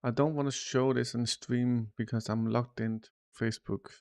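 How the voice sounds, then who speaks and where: A man's voice: medium pitch, steady tone, normal speed, darkish tone, dry recording. Man, live streamer, offhand chat, swears freely, dead dry room. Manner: loose, swearing, says "dude" often. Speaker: live streamer reacting to news. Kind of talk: casual chat.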